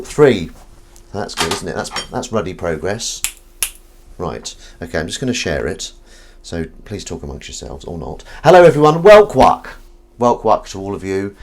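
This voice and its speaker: A man hosting a casual live stream, joking with his chat and swinging between loud greetings and mumbled asides. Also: low voice, slight background noise. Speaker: livestream host.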